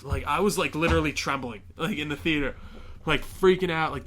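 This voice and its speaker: In a laid-back movie recap, a young male podcaster animatedly retells the film scene by scene, voicing the characters and cursing often. His voice is on the high side, at normal speed.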